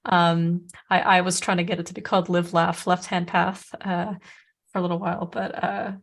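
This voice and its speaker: A woman's voice: on the low side, level tone, moderate pace, creaky. A woman co-hosting a podcast in casual chat, rambling with many fillers. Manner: rambling, filler-heavy, laughs often. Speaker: podcast co-host.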